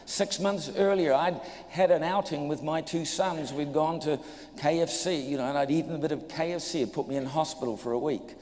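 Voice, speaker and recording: Brisk and a little high-pitched, a New Zealand preacher we haven't heard before tells a humorous testimony in an echoey hall. He's animated, performing different voices and joking with those listening.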